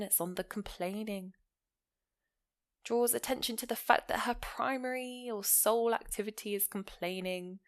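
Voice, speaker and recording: A woman teaching a grammar lesson. She explains points clearly and leans hard on key words, often. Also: medium pitch. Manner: explanatory, stressing key words with lively rises and falls. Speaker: English teacher.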